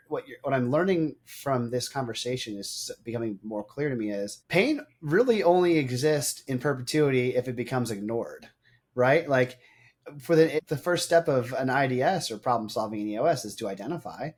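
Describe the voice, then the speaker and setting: A man's voice: mid-range voice, expressive, brisk, slightly rough. A man who hosts a business podcast, speaking in a reflective, conversational way and often checking in with "right?". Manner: reflective, often adds tag questions. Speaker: podcast host. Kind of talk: casual interview conversation.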